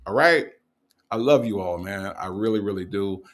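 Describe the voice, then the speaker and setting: A man hosting a livestream, chatting casually as he signs off, checking in with "okay?" and repeating slow affirmations. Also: on the low side. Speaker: livestream host.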